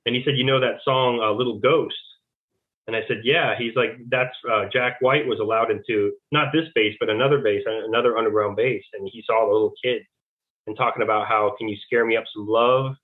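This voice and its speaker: A male interview guest tells his story in a loose, rambling way, playing out both sides of old conversations. He talks fast and barely pauses. His voice comes through a narrow, tinny phone-like line. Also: medium pitch, steady tone. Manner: rambling, acts out quoted back-and-forth dialogue. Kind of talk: casual testimony.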